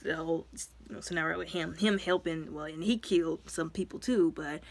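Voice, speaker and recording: A woman giving a casual, rambling recap of a movie as a reviewer. She talks in a lively, expressive way, full of asides and fillers. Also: fairly quick, creaky, dry recording. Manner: lively and expressive, with sudden jumps in pitch and loudness.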